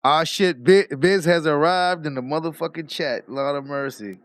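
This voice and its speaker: A man joining a livestream panel, cracking jokes and cursing loudly in casual banter. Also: on the high side, moderate pace. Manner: loud, joking, crude.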